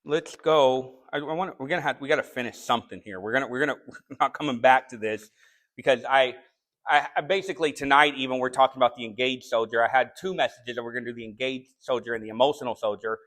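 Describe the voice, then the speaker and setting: A man preaching a sermon, telling a story in a conversational way and then building to sharp, shouted rebukes. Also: medium pitch, fast. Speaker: pastor. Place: church sanctuary.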